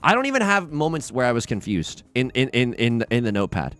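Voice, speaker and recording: A young man hosting a let's play, giving excitable, self-mocking commentary on his game that swings from muttering to shouting. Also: medium pitch, a little fast, faint music behind. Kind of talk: gameplay commentary.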